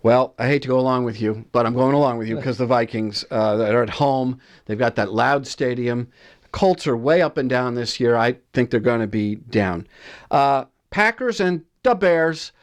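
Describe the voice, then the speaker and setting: A man's voice: mid-range voice, normal speed. A man anchoring a casual football picks segment, chatty and jokey, often stumbling over his words. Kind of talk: casual sports picks chat.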